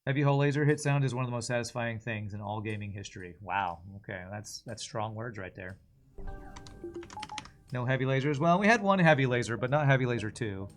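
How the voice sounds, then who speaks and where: A man's voice: mid-range voice, a little fast, faint music behind. A man streaming a video game, chatting casually while he plays, swearing and laughing as he goes. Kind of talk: live gameplay commentary.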